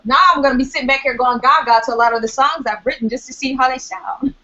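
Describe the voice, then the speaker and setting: Bright, high-voiced woman from Minnesota. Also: quick pace. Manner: lively, laughing storyteller. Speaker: singer. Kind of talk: casual chat. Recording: dull lo-fi online call audio.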